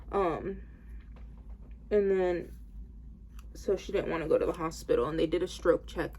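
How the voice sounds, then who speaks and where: A woman's voice: on the low side, moderate pace, a little mellow, a little hiss or hum. A woman in her twenties telling a story casually to camera, full of "like" and "um", while doing her hair. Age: 20s. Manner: rambling, heavy use of "like" and "um". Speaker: vlogger.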